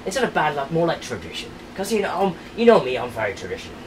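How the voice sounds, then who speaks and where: A player in a tabletop game, talking in a rambling, halting, giggly way. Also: mid-range voice, sing-song, distant mic. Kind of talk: casual tabletop play. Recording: noisy, from off mic.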